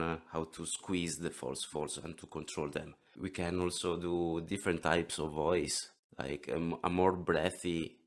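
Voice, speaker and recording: Slow, deep-voiced Italian man teaching. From Italy. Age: 30s. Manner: halting, restarts words, explains patiently. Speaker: throat singing teacher. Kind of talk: interview lesson.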